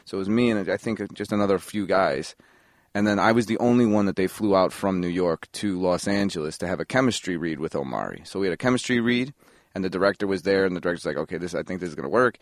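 A man from Chicago telling long animated stories as a podcast guest, in a casual interview. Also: deep voice, quick pace, no room sound, studio quality. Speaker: actor guest.

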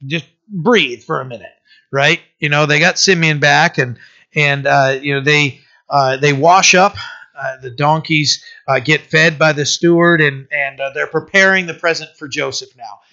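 A male pastor giving a conversational sermon, with many fillers and restarts, who slows down to read scripture aloud. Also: on the high side, fairly even intonation, sharp tone, highs cut off. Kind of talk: sermon, informal Bible teaching.

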